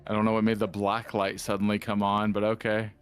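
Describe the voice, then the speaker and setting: A man's voice: on the low side, monotone, fairly quick, smooth, no room sound. A man co-hosting a casual reaction video, making wry remarks and asking questions, with casual swearing. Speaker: co-host reacting to a show.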